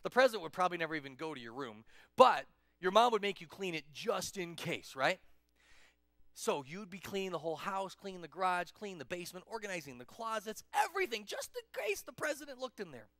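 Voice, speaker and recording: A man teaching a children's church lesson in a playful, animated storytelling manner. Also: sits high, brisk, dry recording. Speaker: children's pastor.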